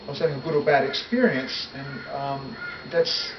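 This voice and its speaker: Rambling middle-aged musician, echoey. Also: male voice, medium pitch, steady tone, moderate pace. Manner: rambling, self-correcting, laughs easily. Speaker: musician and interview guest. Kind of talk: casual reminiscing interview. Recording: echoey, distant, dull, loud noise.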